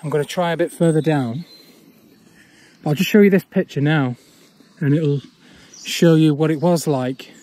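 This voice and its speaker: A man, chatting casually as he walks an overgrown old railway path outdoors, often pausing on "uh". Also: fairly high pitch, dark tone. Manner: chatty, with frequent "uh" pauses. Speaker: urban exploring vlogger. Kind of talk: casual walk-and-talk commentary.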